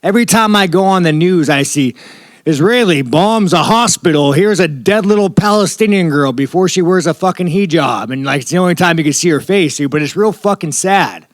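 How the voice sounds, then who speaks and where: Profane, combative American man, high voice. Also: animated, fairly quick, no echo, studio quality. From United States. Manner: profane, rambling, blunt, combative. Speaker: professional fighter at media day. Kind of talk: profane press-scrum rant.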